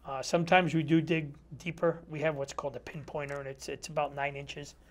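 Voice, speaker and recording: A man's voice: on the high side, level tone, brisk, slight background noise. A man who is a metal detectorist, a guest in a casual interview chat in a TV studio, telling stories, acting out dialogue and using many fillers. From Connecticut. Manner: storytelling, acts out quoted dialogue; chatty, many fillers like "you know". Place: community TV studio.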